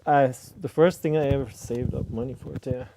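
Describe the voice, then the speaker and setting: A man's voice: mid-range voice, fairly even intonation, brisk, creaky, background noise. A man from Norway, chatting casually as a guest musician in an easygoing, slightly nervous way. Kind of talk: casual conversation.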